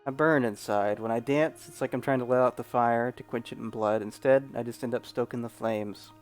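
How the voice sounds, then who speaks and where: A man reads out a fiery, brooding female warrior dancer from a fantasy game. The delivery is plain and read aloud, at a middle pitch. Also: steady tone, a little fast, soft background music, lightly acted.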